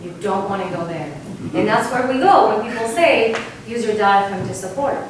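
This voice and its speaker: An Argentine woman teaches a choir workshop as vocal coach, her mid-range voice animated and at normal speed, with background noise. Recorded from a distance in an echoey room, she's demonstrative, sings example sounds and often checks in with "right?".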